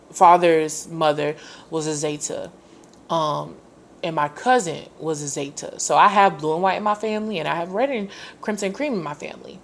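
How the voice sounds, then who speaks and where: A woman in her twenties hosts a podcast, sharing a personal story in casual slang. She acts out the quoted dialogue with big leaps in pitch.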